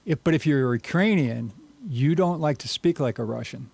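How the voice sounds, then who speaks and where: Man, mid-pitched, quizzing others and explaining patiently over a video call. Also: normal speed, gravelly, darkish tone. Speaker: quiz-giving regular guest. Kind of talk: casual group chat.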